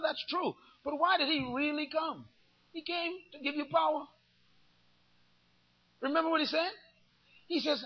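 A male preacher with an unusually high, breathy voice delivers a sermon full of rhetorical questions. He swings between shouting and near-whispers, his pitch rising and falling widely. The recording sounds dull and lo-fi.

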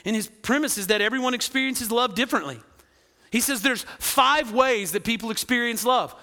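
A man preaching a lively sermon, often asking the crowd "right?" and acting out quoted voices. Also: extremely high pitch, a little fast, in a large hall. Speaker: pastor.

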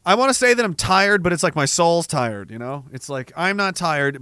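A young man rambling comedically to a live audience in a profane, animated way, reading viewer messages and breaking into sudden shouts. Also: fairly high pitch, normal speed, hardly any pauses, smooth, dry recording. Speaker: live streamer.

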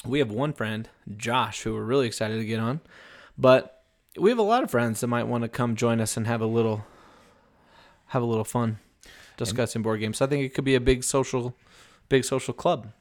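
A man's voice: medium pitch, fairly quick. A young man co-hosting a casual board game podcast, laid-back and joking, swearing now and then. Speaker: podcast co-host.

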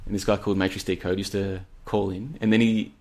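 A man in a rambling, casual solo talk, drifting from one story to the next. His voice sits fairly low. He reads out listener comments and answers them in a chatty way. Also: level tone, fast talker, a little mellow. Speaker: podcast host.

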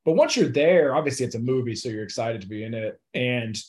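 A man's voice: mid-range voice, expressive, fairly quick. Laid-back young man chatting as a guest. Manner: laid-back, filler-heavy, laughs often. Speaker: actor guest. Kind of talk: casual interview chat.

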